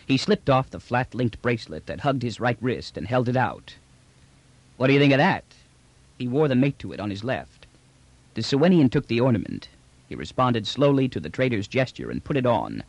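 Gravelly, expressive male audiobook narrator. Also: mid-range voice, no echo. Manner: measured storytelling voicing each character.

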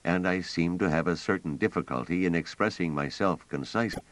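A man voicing a fussy, gentle elderly male scholar who rambles and talks hesitantly. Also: low voice, fairly quick, no room sound, close to an everyday voice, rough recording. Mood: earnest. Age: older. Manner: hesitant, wordy, polite.

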